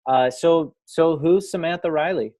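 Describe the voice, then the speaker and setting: A man hosting an interview, chatty and affirming, with quick asides. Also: a little high, darkish tone. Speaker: interview host. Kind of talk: conversational interview.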